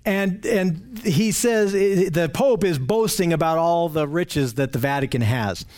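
A man's voice: fairly high pitch, unhurried, darkish tone. A man leading a Bible study, explaining scripture in an earnest way and often checking in with his listeners. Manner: earnest and explanatory, often asks the group questions.

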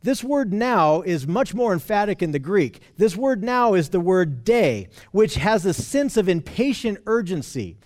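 A man's voice: sits high, very animated, measured pace, few pauses, a little mellow. A man preaching, explaining scripture in an earnest, conversational way with frequent restarts. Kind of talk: expository Bible teaching.

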